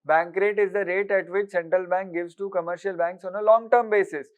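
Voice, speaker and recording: A man giving an exam-prep lecture, briskly quizzing listeners with repeated rhetorical questions and mixing with Hindi. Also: high-pitched, steady tone. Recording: dull lo-fi recording.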